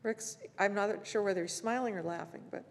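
A woman giving a reflective talk at a morning service and reciting poetry, gentle and unhurried, with long pauses between phrases. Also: mid-range voice, a little hiss or hum. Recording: reverberant hall.

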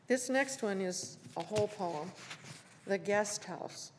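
Slow, gentle woman in a reverberant hall. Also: mid-range voice. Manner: gentle, unhurried, with long pauses. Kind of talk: reflective talk with poetry recitation.

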